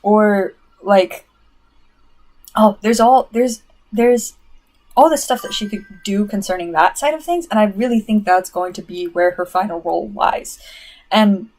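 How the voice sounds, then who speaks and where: A woman streaming casually and answering chat, chatty and excitable, full of "like" and "um" as she rants. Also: mid-range voice, unhurried. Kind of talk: casual livestream rant.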